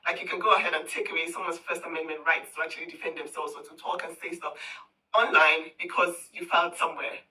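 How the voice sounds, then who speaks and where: A woman's voice: sits low, flat delivery, fast, bright, forceful tone, distant mic, poor audio. A woman ranting straight to camera in a scornful, confrontational, taunting way. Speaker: social media commentator. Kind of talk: heated direct-to-camera rant.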